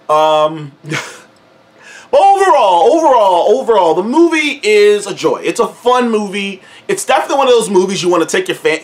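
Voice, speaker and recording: A man's voice: on the high side, a bit bright. Laughing, foul-mouthed young male movie reviewer. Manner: profane, laughing, repeats words, slangy. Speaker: movie reviewer and show host. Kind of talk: casual spoken movie review.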